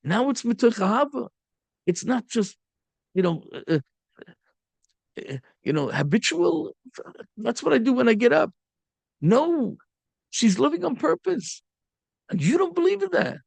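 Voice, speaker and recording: A man, a rabbi, telling a story in a sermon, animated and peppered with Yiddish and Hebrew terms. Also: very high voice, unhurried, gravelly, pauses often, breathy edge, no room sound.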